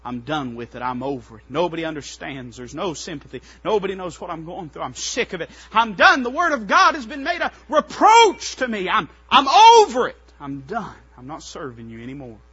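A male preacher voicing a weary prophet who cries out to God in anguish, pleading and at times shouting, on a dull lo-fi recording. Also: fairly high pitch, brisk, few pauses, husky, exaggerated voice. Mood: despairing.

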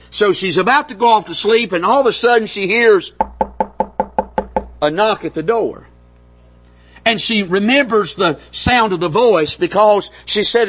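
A man's voice: on the high side, animated, moderate pace, fairly bright tone, husky, soft background music. A man preaching a sermon from the pulpit of a church, talking in a folksy, conversational way. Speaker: pastor. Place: church sanctuary.

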